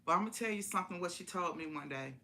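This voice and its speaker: A woman's voice: on the low side, animated, racing, pushed and bright. A woman telling a personal story in a casual, folksy way on a live stream, repeating phrases for emphasis.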